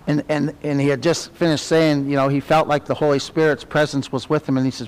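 A middle-aged man teaching a Sunday school class in a church classroom, animated, peppering the class with questions and sinking to a soft murmur on reverent words. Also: fast talker, few pauses, clear, resonant tone. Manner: animated, asks the class many tag questions; drops to a soft, low murmur on reverent phrases. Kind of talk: conversational Bible teaching.

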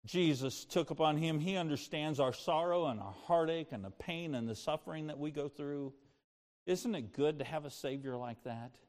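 An older man preaching a sermon as pastor, moving between impassioned preaching and soft, personal storytelling. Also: fairly high pitch, normal speed, in a large hall.

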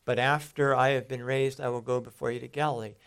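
Gravelly-voiced man teaching a sermon. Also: medium pitch, steady tone, quick pace, a bit bright. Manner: explanatory, with emphatic rises on quoted lines. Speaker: Bible teacher.

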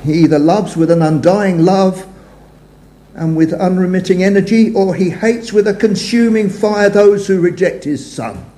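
An older man preaching a sermon to a congregation in a church hall, measured, his phrases trailing off softly. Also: sits high. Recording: echoey hall sound.

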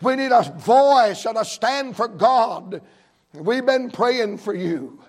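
A man preaching a fervent sermon at a church service, with emphatic, repetitive cadences and bursts of shouting. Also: very high-pitched, animated, slow.

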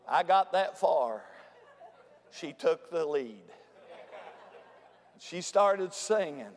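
A man with a notably high voice delivers a revival sermon. He moves between quiet, close storytelling and sudden shouted bursts. His words trail into a long, echoing reverb that fills a large sanctuary. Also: expressive, drawn-out words, long pauses. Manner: swings from hushed storytelling to shouted, high-pitched exclamations. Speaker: preacher.

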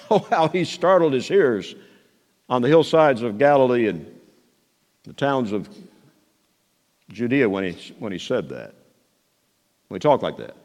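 A man preaching a sermon, moving between soft asides and raised, emphatic declarations. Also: medium pitch, sing-song, measured pace, pauses often. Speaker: pastor. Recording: long hall reverb.

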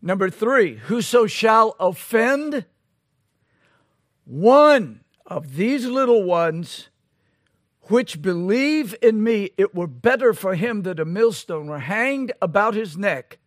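A man's voice: high-pitched, lively intonation, no echo, studio quality. A man preaching a sermon as pastor, emphatic and full of rhetorical questions. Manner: emphatic, rhetorical questions, slow deliberate delivery.

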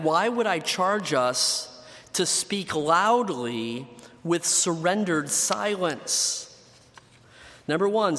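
A man delivers an earnest sermon in a fairly high voice. He slows down and sinks low for emphasis, and his words ring out in a reverberant hall. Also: a bit bright. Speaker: pastor.

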